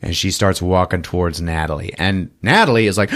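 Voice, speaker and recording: Animated, foul-mouthed man telling a story. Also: low voice, a little fast, hardly any pauses. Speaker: podcast host recapping a film. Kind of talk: casual film recap.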